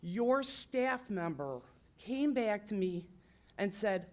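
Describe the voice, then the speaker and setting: A woman's voice: mid-range voice, animated, slow, darkish tone. A woman speaking at public comment in a village council meeting, upset and insistent, apologizing for her emotion while pressing her complaint.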